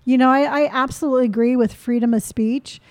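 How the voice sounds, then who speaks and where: A woman's voice: sits high, steady tone, fast. A woman in casual conversation, chatty and hesitant with many fillers. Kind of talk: casual chat.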